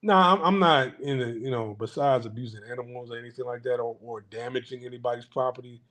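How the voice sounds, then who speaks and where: A slightly bright, medium-pitched man talks fast as he hosts a commentary channel monologue. He rants bluntly with profanity and keeps restarting, mimicking others' voices as he recounts anecdotes.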